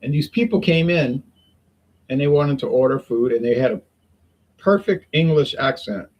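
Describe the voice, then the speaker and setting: A man's voice: mid-range voice, lively intonation, moderate pace, dull audio. A man chatting casually and rambling in a folksy way, talking at home in the heat with the windows open. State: sweating in the heat. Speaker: beer review vlogger.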